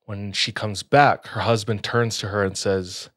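A young man with a fairly low voice narrates a strange encounter in a loose, conversational way, peppering his sentences with fillers. The sound is dry and close, with no room around it. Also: steady tone, measured pace, few pauses, a bit bright, no echo. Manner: laid-back, many "like" fillers. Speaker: podcast co-host telling a story. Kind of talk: casual storytelling.

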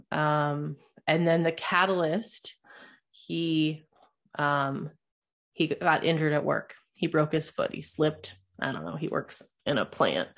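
Woman, young adult, lowish voice, candid, profane, rambling storytelling. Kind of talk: personal storytelling.

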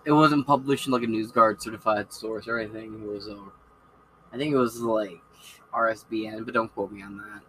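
A man's voice: on the low side, steady tone, fairly quick, fairly bright tone, a little hiss or hum, low-quality recording. A man hosting a podcast, rambling in a casual, profane, opinionated monologue. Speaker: podcast host.

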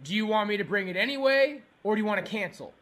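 A furious prank caller with a shrill, very high male voice that leaps all over the place. He rants and swears nonstop, often breaking into shouting. The tone is piercing and bright. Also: lively intonation, quick pace. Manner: shouting in bursts. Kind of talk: prank phone call.

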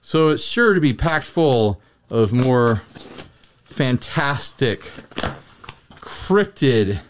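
Podcast co-host, male, animated and joking, voice swings high and low. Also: slight background noise. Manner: animated, joking, quick asides. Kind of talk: casual chat.

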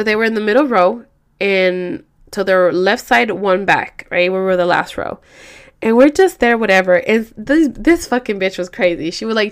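A vlogger who sounds like she's in her thirties tells a story to her viewers in a loose, rambling, animated way. She talks casually, packing her speech with swearing and filler words, in a medium-pitched voice with a clean tone.

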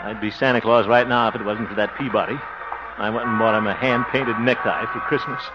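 A man's voice: lowish voice, steady tone, a little fast, loud music behind the voice, natural voice. An actor playing a bumbling, eager small-town man in a 1940s radio comedy, flustered and chuckling nervously. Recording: dull old radio recording.

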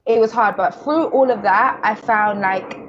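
A woman's voice: medium pitch, unhurried, dull audio, noisy background. South London woman, candid and chatty. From England. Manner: candid, talks with slang and many fillers. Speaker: podcast guest. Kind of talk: casual chat.

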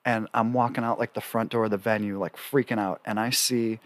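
A man, a guest musician, telling a story in a casual, animated way, swearing freely and laughing often between his lines. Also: on the low side, a little fast, no room sound. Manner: animated, profane, laughs often, lots of fillers.

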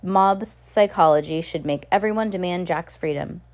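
A woman's voice: fairly low pitch, moderate pace, a little mellow, natural voice. A woman reading the lines of an earnest, bookish teenage boy who explains things eagerly. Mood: explaining.

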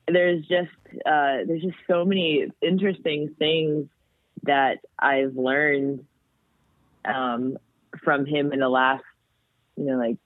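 A woman's voice: sits low, dry recording. Woman guest on a tinny line. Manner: animated storytelling. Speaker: guest, metal vocalist. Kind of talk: casual chat. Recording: tinny phone-like sound, dry.

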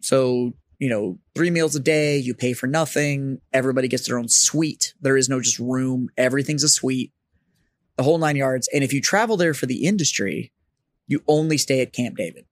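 A man hosting a podcast, telling stories in a casual bar chat, animated and swearing freely. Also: medium pitch, moderate pace, no room sound. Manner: animated storyteller, swears freely, mimics voices. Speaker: podcast host. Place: studio set up as a bar.

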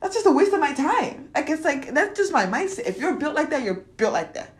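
A woman's voice: high voice, sing-song, a little fast. Blunt, profane young woman ranting. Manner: blunt and profane, swinging between loud rants and quiet confessions. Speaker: vlogger. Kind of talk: motivational monologue to camera.

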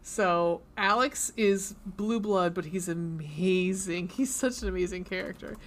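A woman's voice: on the low side, measured pace. A woman co-hosting a podcast, chatting casually and gushing about books, swearing freely. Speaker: podcast co-host.

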